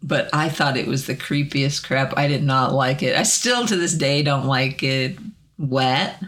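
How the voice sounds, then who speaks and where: A woman from Arkansas with a Southern accent, co-hosting a casual podcast chat, chatty and quick to laugh. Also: a bass voice. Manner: chatty, laughs often, animated storytelling. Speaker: podcast co-host.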